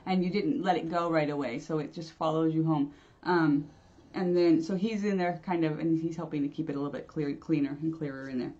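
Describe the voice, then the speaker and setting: A woman's voice: low-pitched, fairly even intonation, fairly quick, dark tone, muffled recording. A woman spiritual medium chatting casually on a livestream, rambling, laughing often and restarting her sentences. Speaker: spiritual medium and channel host. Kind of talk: casual livestream chat answering viewers.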